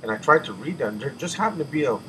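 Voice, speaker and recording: A man giving an emotional personal testimony, halting and restarting often, with sighs as he catches his breath. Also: medium pitch, lively intonation. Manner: halting, with many restarts and repeated words. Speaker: person telling a spiritual testimony. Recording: audible background noise.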